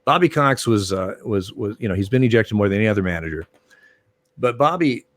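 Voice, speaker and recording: An older man, a retired umpire, telling stories in a relaxed interview, with many fillers and restarts. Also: on the low side, fairly quick, no echo, clean studio sound. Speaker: retired baseball umpire, guest. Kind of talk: casual interview storytelling.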